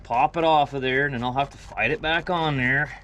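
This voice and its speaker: A man's voice: medium pitch, fairly even intonation, brisk, bright, forceful tone, slight background noise. A man working as a mechanic who talks casually and thinks aloud while he works on an engine in a truck repair shop. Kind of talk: casual work vlog, talking while repairing.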